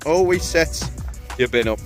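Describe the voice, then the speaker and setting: A man's voice: fairly high pitch, expressive, normal speed, faint music behind. A man hosting a fishing vlog in casual, jokey banter, often laughing and teasing his mate. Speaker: fishing video host.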